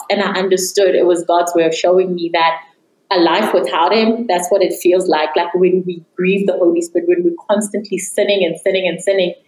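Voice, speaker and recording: Young woman, low-ish voice, earnest faith testimony, kinda echoey room. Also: a little mellow. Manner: earnest, reflective storytelling. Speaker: guest sharing testimony.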